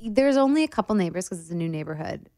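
A woman from Michigan, chatting as a guest in an expressive, talkative way. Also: lowish voice, quick pace. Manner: chatty and expressive with laughs and exclamations. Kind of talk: casual interview chat.

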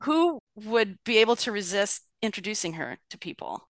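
A middle-aged woman speaks as a guest in a chatty, animated way, with frequent light laughter. Her voice sits at an ordinary middle pitch. It is recorded dry and close, with no room echo. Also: normal speed. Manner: chatty and animated, laughs often, acts out quoted thoughts. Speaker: author and podcast guest. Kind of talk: conversational interview.

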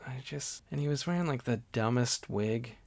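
A man in his thirties co-hosting a podcast, laid-back and quick to agree. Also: medium pitch, creaky, a little mellow, no room sound. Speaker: podcast co-host. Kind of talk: casual chat.

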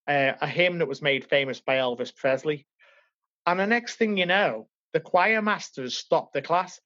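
A man's voice: a little high, lively intonation, moderate pace, fairly bright tone, no echo. A man from Liverpool, England, telling his life story as an interview guest in an earnest, emotional, reflective way. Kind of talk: personal life story in conversation. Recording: dull, lo-fi, dry.

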